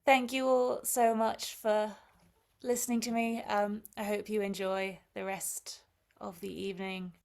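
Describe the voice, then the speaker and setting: A woman musician thanking the audience over a video call, speaking quietly and haltingly. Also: medium pitch, flat delivery, gravelly.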